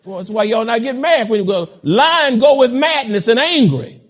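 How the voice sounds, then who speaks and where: Impassioned high-voiced male preacher. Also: expressive. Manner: emphatic, building to impassioned peaks; reads scripture slowly with heavy stress. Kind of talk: sermon.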